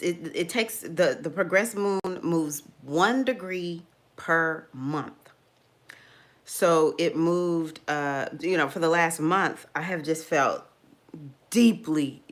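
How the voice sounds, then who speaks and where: A middle-aged woman, an astrologer, talking casually about her own experiences. She acts out her past thoughts in a high voice and laughs often. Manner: laughs often, loose and conversational. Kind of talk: casual personal talk.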